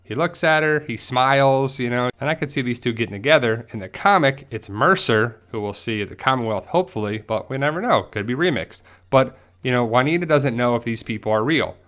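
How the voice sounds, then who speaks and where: A man's voice: medium pitch, brisk, few pauses. A man giving a casual, chatty episode recap and theory commentary, often acting out the characters' lines. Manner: chatty, animated, acts out quotes. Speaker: TV show commentator.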